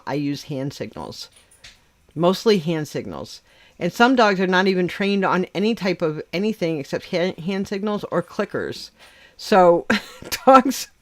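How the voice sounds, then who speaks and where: A livestream host who chats casually and bluntly, swearing freely and laughing often. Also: mid-range voice.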